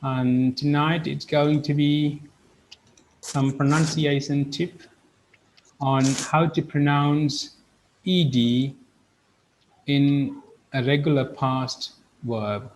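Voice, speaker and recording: A male English teacher leads a live online lesson. His voice sits a little high, and he speaks unhurriedly, with careful pauses. He says each example word twice so his students can follow. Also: steady tone, slight background noise, rough recording. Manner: slow, patient, repeats each word twice.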